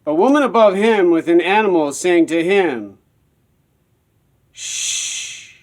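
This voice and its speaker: Male, slightly high voice, rambling and repetitive solo storyteller. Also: lively intonation, normal speed, darkish tone. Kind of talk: personal monologue.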